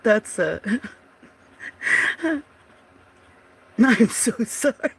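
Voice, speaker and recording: Giggly rambling livestream host, slow-spoken. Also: medium pitch, very animated, gravelly, husky. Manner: giggly, laughs often, rambling; trails off mid-sentence. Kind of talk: casual chat while drawing.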